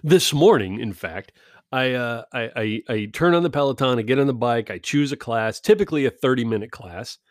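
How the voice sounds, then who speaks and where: A man's voice: mid-range voice, brisk, no room sound, clean studio sound. A man in a casual rambling monologue, ranting and self-deprecating, swearing often.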